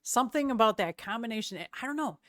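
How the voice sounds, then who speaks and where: A woman streamer chatting casually with her viewers, relaxed and quick to laugh. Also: on the high side, no room sound, studio quality.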